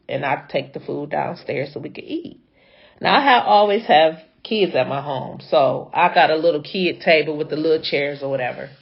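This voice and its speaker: A woman's voice: deep voice, slightly rough, dull audio. A woman braider telling a dramatic story in a chatty, casual way, talking straight to her viewers. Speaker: hair braider.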